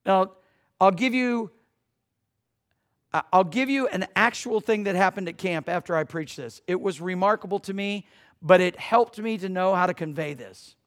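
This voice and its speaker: Pitch-raised male pastor preaching a sermon. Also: normal speed.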